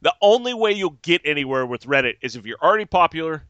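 Profane ranting man, bright crisp voice. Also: a little high, very animated, quick pace, no room sound, muffled recording. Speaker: podcast host. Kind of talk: casual ranting chat.

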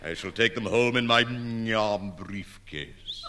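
A man's voice: fairly low pitch, pushed and bright, long reverb tail. A man playing a pompous, weary schoolteacher in a radio sitcom, humming and hesitating between words. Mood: fussy. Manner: pompous, hesitant, fills pauses with hums. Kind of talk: 1950s radio sitcom acting.

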